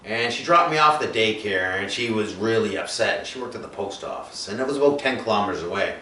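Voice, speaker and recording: A man telling his own life story in a rambling, halting way, full of fillers and restarts. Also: on the low side, animated, bright, forceful tone. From Nova Scotia, Canada. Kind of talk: personal storytelling monologue. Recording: echoey room, mic at a distance, faint noise.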